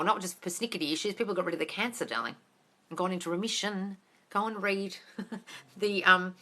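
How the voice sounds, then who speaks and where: Blunt, bright-toned woman coach. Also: mid-range voice. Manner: blunt, swears, calls listeners darling. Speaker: manifesting coach. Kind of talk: live-stream Q&A.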